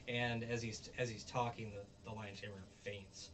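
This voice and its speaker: A man's voice: lowish voice, little pitch movement, normal speed, few pauses, fairly bright tone, slight background noise. A man casually recapping a show episode in a rambling way, full of ums and restarts, sometimes acting out what characters say. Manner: rambling, filler-heavy, acts out quotes. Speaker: show reviewer. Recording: voice distant from the mic.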